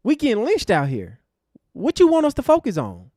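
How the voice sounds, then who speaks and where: A man's voice: very high-pitched, wildly swooping pitch, normal speed, darkish tone, no echo, studio quality. A man hosting an online show, delivering a fiery, preachy rant to his live chat. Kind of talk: impassioned livestream rant.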